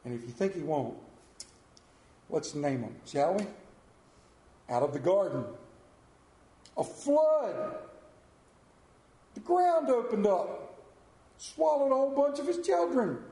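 Man, pastor giving a sermon: high, mellow voice, echoey church room, swings from hushed to loud. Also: animated, slow pace, pauses often.

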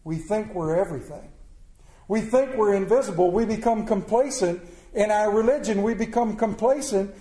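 A man's voice: high-pitched, normal speed, dark tone. A middle-aged man preaching a sermon in a folksy, plainspoken way, putting questions to his congregation. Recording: echoey room.

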